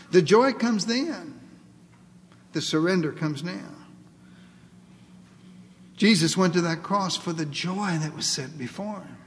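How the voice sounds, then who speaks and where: A man preaching a sermon, dramatically acting out prayers and dialogue, swinging between loud pleas and near-whispers. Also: sits high, in a large hall. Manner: dramatic, acts out dialogue with God.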